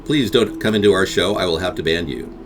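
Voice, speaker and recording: A man's voice: low voice, brisk, background noise. A man hosting a live interactive talk stream, rambling and combative as he answers chat.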